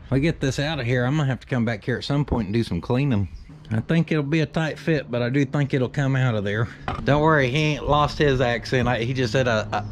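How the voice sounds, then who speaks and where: A man's voice: mid-range voice, fairly quick, slight background noise. A man hosting a shop vlog outdoors, talking in a joking, folksy way with country slang. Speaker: shop owner and channel host. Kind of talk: casual vlog commentary. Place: outdoors behind a workshop, by a carport.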